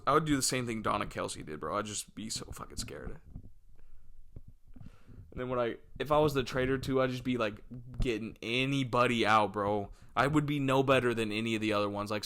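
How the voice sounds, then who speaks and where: A young man hosting a solo podcast, rambling through comic stories and acting out scenes in yelpy high voices, self-mocking and loose. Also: fairly quick, a bit bright. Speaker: podcast host. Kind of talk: solo comedic podcast monologue.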